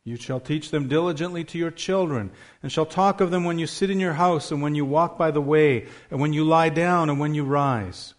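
A pastor reads scripture aloud from the pulpit. His voice is raised and declaiming, and he stresses the phrases strongly. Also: fairly high pitch. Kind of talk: emphatic scripture reading.

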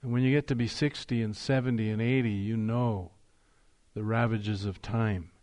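A man preaching a sermon as pastor, rising in emphasis on key phrases and slowing down to drive points home. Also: lowish voice, steady tone, a little mellow.

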